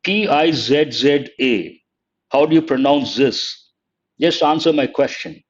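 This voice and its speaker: A man's voice: mid-range voice, lively intonation, measured pace, dull audio. Teacher quizzing his online class. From India. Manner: quizzes students, spells out words letter by letter. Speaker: English teacher. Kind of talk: live online exam-prep lecture.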